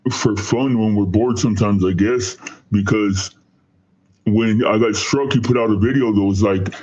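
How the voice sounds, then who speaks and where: A man's voice: lowish voice, darkish tone. A man streaming, chatting casually in a rambling, slangy way with frequent restarts. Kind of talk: casual chat. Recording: dull lo-fi sound.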